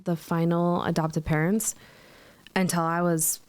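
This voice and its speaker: Earnest woman podcast host, smooth voice. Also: on the low side, flat delivery, a little slow, a little mellow. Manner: earnest, emotional, reflective. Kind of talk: personal storytelling chat.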